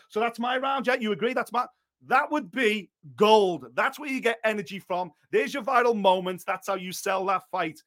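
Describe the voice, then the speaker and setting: Male co-host, higher-pitched voice, blunt and animated, swears freely in casual chat. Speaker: boxing podcast co-host.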